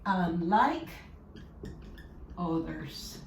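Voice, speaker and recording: A woman teaching an English lesson, repeating example phrases slowly for emphasis. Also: fairly low pitch, lively intonation, vocal fry, a little hiss or hum.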